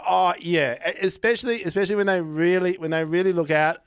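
Animated father chatting, dry close sound. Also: sits high, fast, clean tone, dry recording. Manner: animated, laughs often, acts out his kids' voices. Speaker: podcast guest, father. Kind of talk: casual chat.

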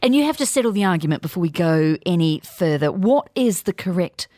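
A woman presenting business news, chatting briskly and interviewing a guest in a conversational, opinionated way. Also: on the low side, expressive, dark tone, dry recording, clean studio sound.

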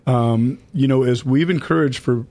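A man hosting a Christian radio show, talking to listeners as folks and reading Bible passages slowly. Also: mid-range voice, warm tone, no room sound. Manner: addresses listeners as folks, reads scripture slowly. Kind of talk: Bible study radio talk.

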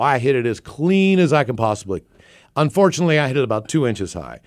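A man's voice: mid-range voice, a little fast. A middle-aged man, a podcast co-host, telling a story in casual chat, laughing and swearing as he goes. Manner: animated, laughing, profane storyteller.

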